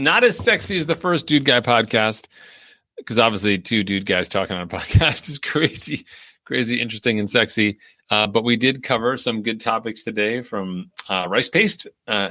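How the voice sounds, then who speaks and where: A man's voice: on the low side, no echo. A man co-hosting a podcast in casual chat, telling stories with a laugh and acting out his own inner voice. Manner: animated storytelling, acts out his own inner voice; laughs often, lots of filler words. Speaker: podcast co-host.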